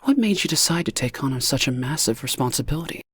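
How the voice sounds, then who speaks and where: Man doing a calm, soothing woman. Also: mid-range voice, fast talker, breathy edge, dry recording, pitched above the performer's own voice. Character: calm gentle woman driver.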